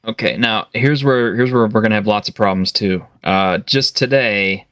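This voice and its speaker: A man talking as a guest on a pop culture livestream panel, animated when he objects. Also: fairly low pitch, normal speed, no room sound. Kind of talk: casual panel chat.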